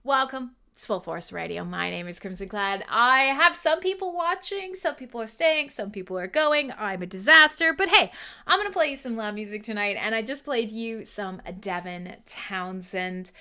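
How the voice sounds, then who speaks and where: A woman's voice: fairly high pitch, expressive, moderate pace, pushed and bright, smooth. Giggly, playful woman streaming live. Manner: giggly, playful, self-deprecating, chatty with viewers. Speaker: livestream radio host. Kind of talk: casual livestream chat.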